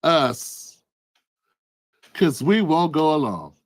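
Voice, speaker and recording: A man with a rather high, very animated voice speaks very slowly. He hosts his own channel and delivers fervent political commentary, piling up repeated rhetorical questions and addressing a listener by name.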